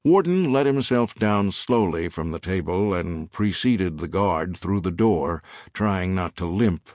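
A man narrates an audiobook in a deep, lively voice. His reading is measured and expressive. The recording is close and dry. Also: dry recording. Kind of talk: scripted narration.

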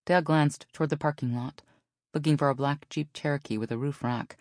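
A woman narrating a novel in an even storytelling manner. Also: low-pitched, fairly quick, dry recording, studio quality. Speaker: audiobook narrator. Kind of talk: scripted narration.

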